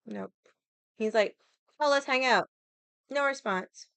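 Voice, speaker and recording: A woman's voice: fairly high pitch, slow, creaky, a bit bright, smooth, dry recording. Sassy, swearing young woman ranting. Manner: sassy, profane, rambling. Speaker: livestream host. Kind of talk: casual rant to viewers.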